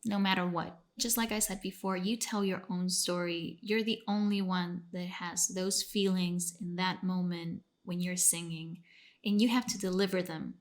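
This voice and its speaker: A woman's voice: lowish voice, fairly even intonation, normal speed. A young adult woman, a singer, chatting expressively as an interview guest, with many fillers. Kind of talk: casual video-call interview.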